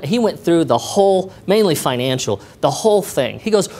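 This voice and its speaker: A middle-aged man with a slightly higher voice tells a personal story to a live audience. His delivery is animated, and he acts out each person in the story with a voice of their own. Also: normal speed, hardly any pauses. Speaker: speaker sharing a testimony.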